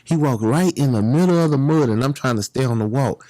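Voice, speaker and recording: A man's voice: medium pitch, a little fast, warm tone, no room sound. A middle-aged man telling prison stories in an interview, acting out other people's voices as he goes. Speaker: guest, former gang leader. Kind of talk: storytelling in a podcast interview.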